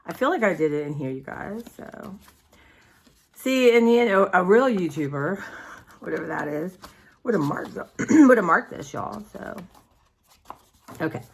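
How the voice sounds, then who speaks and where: A woman's voice: medium pitch, vocal fry. A woman, rambling chattily to her viewers in a casual art vlog. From United States. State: sore throat. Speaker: vlogger.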